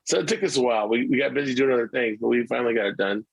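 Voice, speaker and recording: A man's voice: mid-range voice, rapid-fire, creaky, slightly rough, dry recording, low-quality recording. Rambling man, dry close sound. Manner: rambling, with many restarts and stumbles. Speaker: musician guest. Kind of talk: casual interview chat.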